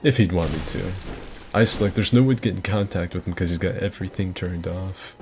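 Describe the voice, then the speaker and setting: A man in his twenties streaming a game from home, chatting in a rambling, casual way with swearing and keeping his voice fairly quiet. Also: low voice, steady tone, brisk, music in the background. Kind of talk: casual gameplay commentary.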